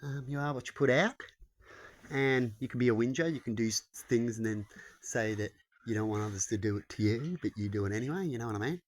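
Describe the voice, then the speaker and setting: Brief: a man in a mid-pitched voice, musing to camera, rhetorical and rambling. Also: fast talker. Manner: rhetorical, keeps asking "right?". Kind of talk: casual musing monologue.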